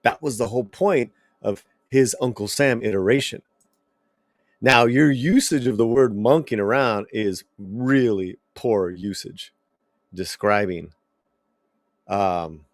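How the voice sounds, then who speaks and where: Animated blunt man reacting to a clip. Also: fairly low pitch, a little slow, dry recording. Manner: animated, blunt, swears, stammers and repeats. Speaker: commentary channel host. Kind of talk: reaction commentary.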